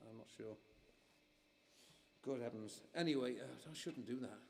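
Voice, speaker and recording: A man's voice: medium pitch, normal speed, gravelly, long reverb tail. A man performing a live music stream, chatting casually between songs in a rambling, self-mocking way with many restarts. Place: music club venue. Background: guitar playing.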